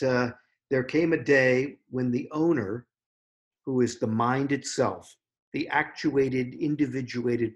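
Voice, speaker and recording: A man in conversation about poetry, speaking at an ordinary middle pitch. He talks in a measured, reflective way, pausing often to gather his thoughts. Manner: thoughtful, unhurried, with frequent pauses and fillers. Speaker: poetry editor.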